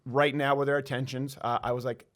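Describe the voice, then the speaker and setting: A man hosting a casual chat show, an animated storyteller who acts out the quotes in his stories. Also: medium pitch, a little fast. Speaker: host.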